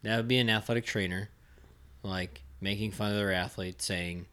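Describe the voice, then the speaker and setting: Casual co-host, man, lower voice, easygoing and chatty. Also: normal speed. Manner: relaxed, laughs often, restarts sentences. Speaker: podcast co-host. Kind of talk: casual chat.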